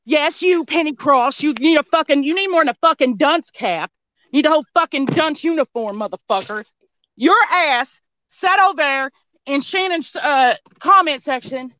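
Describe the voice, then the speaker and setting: A woman's voice: high voice, normal speed, sharp tone, dry recording, dull audio. A woman in casual chat, ranting angrily and swearing constantly. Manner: angry, profane ranting.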